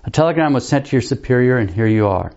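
Guy reading as a formal prison governor, polite and grave, warm low voice. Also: expressive, fast, lo-fi sound, natural voice.

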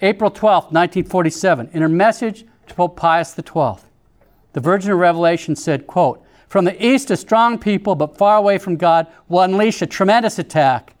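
Male narrator, high pitch, measured solemn read. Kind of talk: scripted narration reading visions.

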